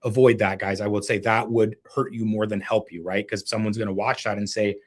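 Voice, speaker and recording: A man's voice: fairly low pitch, level tone, brisk. A man coaching viewers in a casual live-streamed tutorial, talking them through his video setup and calling them guys. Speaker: real estate video coach.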